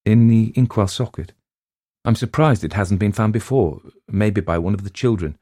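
A man voicing a gentle young woman teacher who is shaken and earnest, speaking hesitantly. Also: fairly low pitch, moderate pace, no echo, clean studio sound, voice pushed up, natural voice. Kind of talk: storybook reading.

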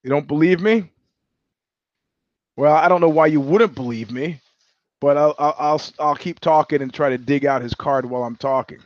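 Man hosting a solo show, sardonic and profane, fairly high voice, dry close audio. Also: normal speed, no echo. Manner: sardonic, profane, mimics others in anecdotes. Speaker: show host. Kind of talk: monologue storytelling. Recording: dry, slightly dull lo-fi audio.

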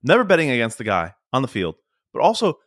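An excitable man co-hosts a casual podcast, stammering through restarts and leaning on "like." His pitch swings up and down as he talks. The recording is dry and close. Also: fast, no echo. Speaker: podcast co-host.

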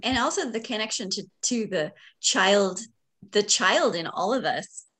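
A middle-aged woman, a podcast guest, speaking in a reflective, unhurried way, with frequent fillers and light laughter. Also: mid-range voice, expressive, a bit bright, breathy edge. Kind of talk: casual conversation.

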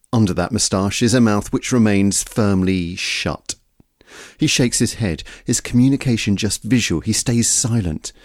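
A man giving measured, scripted documentary narration, describing scenes in detail. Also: lowish voice, darkish tone, dry recording, studio quality.

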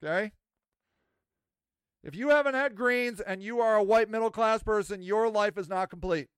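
High-voiced, smooth, rambling man. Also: moderate pace, no echo, clean studio sound. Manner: rambling, self-mocking, animated. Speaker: podcast host. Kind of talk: casual monologue.

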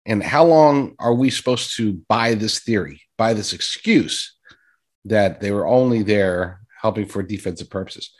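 A man's voice: lowish voice, a little slow. A man giving sarcastic, rambling political commentary and addressing his listeners directly. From United States.

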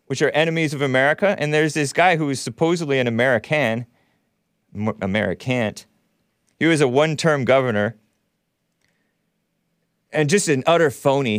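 A man at an ordinary middle pitch hosts his own call-in show in a combative, sarcastic monologue. He rambles between topics and throws in mocking asides. The sound is close and dry, with no room around it. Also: clear, resonant tone, no room sound. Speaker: talk show host.

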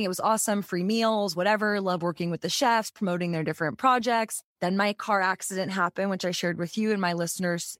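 A woman's voice: fairly low pitch, a bit bright, no room sound, studio quality. A woman in her thirties hosting a podcast, chatting casually and sharing her own background before asking a question. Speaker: podcast host. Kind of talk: casual interview chat.

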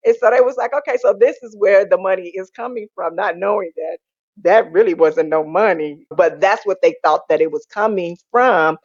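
A woman's voice: moderate pace, no echo. Woman guest spilling her story, acts out family voices, dry lo-fi sound. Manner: animated, acts out quoted family voices in a high pitch. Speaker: interview guest. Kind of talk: candid storytelling.

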